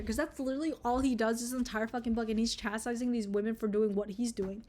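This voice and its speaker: A woman's voice: a little high, fast talker, few pauses, darkish tone. A young woman reviewing a book in a casual vlog, ranting, sarcastic and swearing freely. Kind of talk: casual book review with read-aloud passages.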